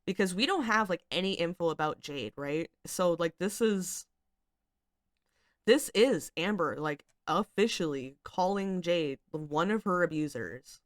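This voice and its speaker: A woman's voice: fairly low pitch, animated, a little slow, no echo, clean studio sound. A young woman casually commenting on screenshots she reads aloud, chatty and exasperated, with lots of filler words. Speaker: commentary channel host.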